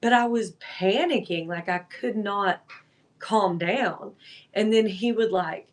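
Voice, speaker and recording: Slow and mid-range, this live-selling host keeps her livestream chat casual and chatty. Her animated storytelling is full of fillers such as "like" and "um."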